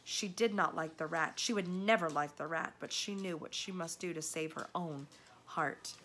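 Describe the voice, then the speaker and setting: A woman reading a chapter book aloud with measured, expressive narration. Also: deep voice, background noise. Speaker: storybook reader.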